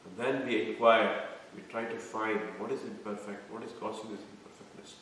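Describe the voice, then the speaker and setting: A man's voice: lowish voice, little pitch movement, normal speed, fairly bright tone, slight background noise. A man giving a devotional scripture lecture, explaining terms one by one and quizzing his listeners. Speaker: scripture class teacher. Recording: echoey room, mic far off.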